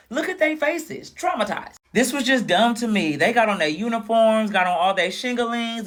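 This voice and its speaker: High-voiced man, sassy recap chatter. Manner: sassy, animated, mocking. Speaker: reality show recap commentator. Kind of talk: casual recap commentary.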